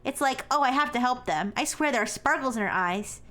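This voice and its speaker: A woman's voice: high voice, animated, brisk, bright, forceful tone. A woman voicing gossiping teenage schoolgirls who complain in a catty, whiny way while reading game dialogue aloud. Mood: resentful.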